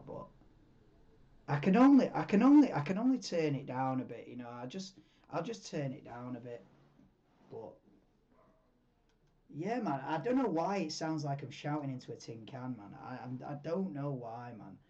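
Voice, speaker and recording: A man hosting a live stream, chatting casually in a rambling, excitable way and swearing freely. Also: a little high, normal speed. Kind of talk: casual live watchalong chat. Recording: dull lo-fi mic, tinny.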